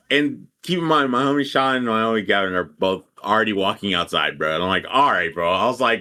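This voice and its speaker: A man's voice: on the low side, quick pace, sharp tone. A young man casually telling a rambling, profane story and quoting people animatedly as a podcast co-host.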